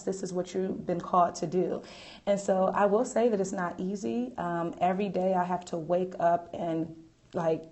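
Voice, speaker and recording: A woman coach speaks on a phone live stream in a mellow, fairly low voice. She is enthusiastic and chatty, and often stops to thank her viewers. Her tone is warm and easy. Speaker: life coach and business owner.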